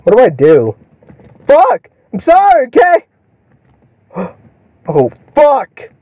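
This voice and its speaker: High, lively young man swearing at a game. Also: slow, dry recording. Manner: excitable, swears constantly, yells at the game. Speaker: gaming video creator. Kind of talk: let's play commentary. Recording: muffled lo-fi mic with game music. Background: game music.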